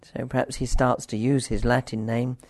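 An older man teaching a Bible passage informally, rambling with wry asides and reading the scripture aloud forcefully. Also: medium pitch, level tone, moderate pace, no room sound.

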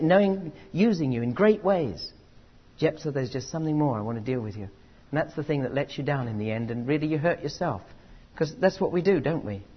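A man preaching a sermon, animated, moving from loud urgent emphasis to quiet asides, on a dull lo-fi recording. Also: fairly high pitch, husky.

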